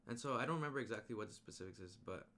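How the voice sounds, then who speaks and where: Casual male movie reviewer, very low voice, chatty rambling recap, slangy delivery. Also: rapid-fire. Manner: rambling, animated retelling with slang and restarts.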